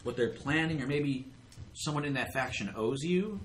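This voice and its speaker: A bright-toned man runs a tabletop game, his pitch bouncing all over as he narrates. He is easygoing and trails off mid-sentence. The room rings a little, and soft music plays behind him. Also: animated, normal speed, roomy sound, slight background noise. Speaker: game master.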